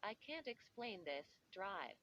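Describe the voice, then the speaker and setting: A woman's voice: medium pitch, big pitch swings, slow pace, bright, forceful tone, heavily acted. A woman voicing a worried man, an uncle and scientist, who stammers in a storybook reading. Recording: dull hissy recording.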